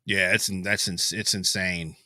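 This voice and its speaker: A man co-hosting a casual podcast, talking in a relaxed, rambling way with many fillers. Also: low-pitched, moderate pace. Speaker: podcast co-host, musician. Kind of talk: casual chat.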